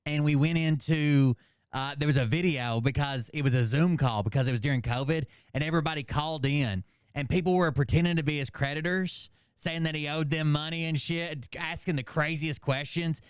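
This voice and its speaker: A man talks through online drama in a loose, rambling, sarcastic way, swearing freely. His voice sits a bit high for a man and comes through smooth and resonant. The mic is close and dry. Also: fairly quick, no echo. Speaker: commentary channel host. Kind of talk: casual reaction commentary.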